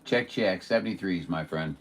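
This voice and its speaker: A man chatting on CB radio as the host of a livestream, friendly, with drawn-out radio sign-offs, speaking from indoors at home. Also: deep voice, a little hiss or hum. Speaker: CB radio operator hosting a livestream. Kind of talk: casual CB radio chat.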